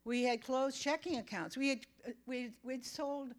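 An older woman sharing a personal faith testimony as a chatty, animated storyteller. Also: high-pitched, normal speed. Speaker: church member giving testimony.

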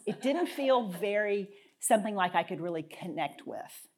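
A woman giving a casual, folksy devotional talk as a podcast host, often clearing her throat. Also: medium pitch, expressive, normal speed, few pauses. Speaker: podcast host and Bible teacher.

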